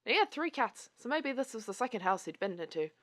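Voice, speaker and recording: A woman's voice: on the high side, sing-song, fast talker, background noise. A woman improvising an old male miner who rambles through a story, her accent drifting as she goes. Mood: rambling. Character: older male miner Jeremy, rambling drinker. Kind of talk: improvised tabletop role-play.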